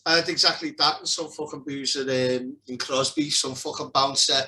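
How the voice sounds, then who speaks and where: A man's voice: medium pitch, steady tone, normal speed, bright, forceful tone. A man with a Liverpool accent in casual podcast chat, blunt and sweary, trailing off with "and that".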